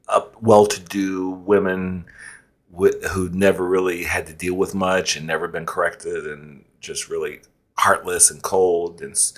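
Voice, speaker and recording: A man hosting a reaction video, rambling, joking and interrupting himself as he comments. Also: sits low.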